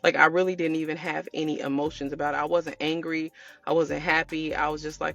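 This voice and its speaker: A woman telling her viewers a personal story in a casual storytime way, animated and chatty, calling them y'all. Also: sits low, fairly quick, creaky, faint music behind. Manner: animated, addresses viewers as y'all, acts out quotes. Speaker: storytelling vlogger.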